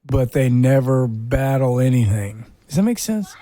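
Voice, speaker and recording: A man's voice: medium pitch, sing-song, measured pace, warm tone, dry recording. A man hosting a podcast, rambling and wry in casual banter. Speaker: podcast host.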